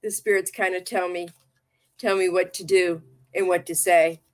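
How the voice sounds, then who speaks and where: On the low side and delivered flatly at a normal pace, this woman's voice carries a casual livestream chat as she reads tarot. Her talk is affectionate and meandering, with plenty of repetition.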